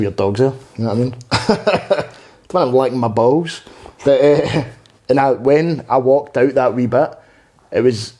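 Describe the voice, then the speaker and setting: A man's voice: medium pitch, warm tone. A man in his twenties, a stand-up comedian guesting on a podcast, talking candidly and earnestly in a rambling, unpolished way with frequent swearing. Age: 20s. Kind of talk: candid conversational interview.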